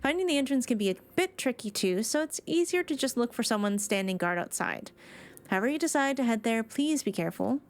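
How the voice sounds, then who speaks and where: A woman's voice: fairly high pitch, expressive, brisk. A woman reading aloud the lines of a worried female villager asking for help, in an earnest, polite manner. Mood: instructive.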